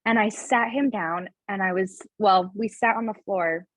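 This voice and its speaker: A woman's voice: medium pitch, no echo. A woman in her thirties, a podcast guest, candidly telling a personal family story in a chatty, emotional way with lots of fillers. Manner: emotional, candid, fast-flowing with many "like" fillers. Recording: dull, slightly lo-fi remote recording.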